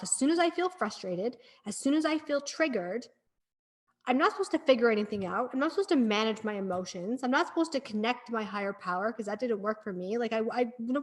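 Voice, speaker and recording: A middle-aged woman with a voice pitched a little high, speaking as a guest on a podcast. She tells her story in an earnest, encouraging way and sounds conversational and sincere. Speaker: podcast guest, breathwork practitioner.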